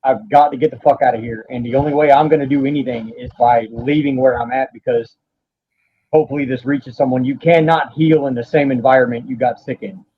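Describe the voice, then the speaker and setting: A man, a podcast guest telling a painful personal story in a halting, profane way, stopping now and then to steady himself. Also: mid-range voice, a little hiss or hum. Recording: dull lo-fi audio.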